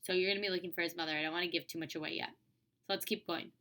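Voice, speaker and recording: Young woman teacher, chatty read-aloud lesson, bright clear voice. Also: on the low side, fairly even intonation, racing. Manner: casual, chatty, lots of "like" and "um". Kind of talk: reading aloud and explaining a lesson.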